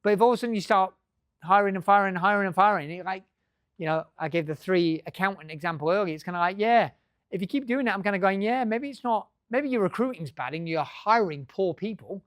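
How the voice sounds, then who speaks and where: A man's voice: sits high, fast talker, a bit bright, dry recording, studio quality. Blunt, sweary man on stage. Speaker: business speaker. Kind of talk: live talk to an audience. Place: room with a live audience.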